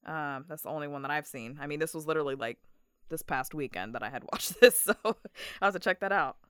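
Bright, smooth-voiced woman telling stories. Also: low voice, fast, no room sound. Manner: animated storyteller, acts out quotes. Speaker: podcast guest. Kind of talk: casual chat.

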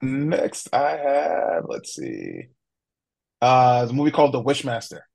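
A man with a mid-pitched voice talks casually as a guest on a podcast. He sounds laid-back, laughs often and fills his speech with small pauses. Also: steady tone, darkish tone. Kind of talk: casual chat.

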